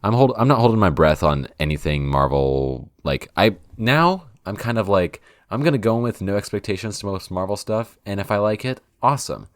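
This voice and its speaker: A man's voice: lowish voice, lively intonation, a little fast, hardly any pauses, dry recording, studio quality. An American man co-hosting a podcast, chatting casually in a rambling, laid-back way. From United States. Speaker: podcast co-host. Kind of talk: casual chat.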